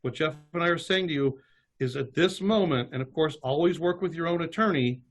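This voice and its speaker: Host type, man, conversational webinar delivery, slightly high voice. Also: a little fast. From Kentucky. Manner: reads legal text aloud with asides. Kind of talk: casual webinar talk.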